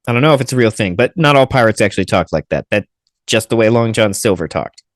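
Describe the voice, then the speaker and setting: A man's voice: lowish voice, expressive, fast talker, no echo, studio quality. A man hosting a podcast, giving sarcastic, swear-filled commentary on clips he plays. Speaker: podcast host. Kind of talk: casual commentary reacting to clips.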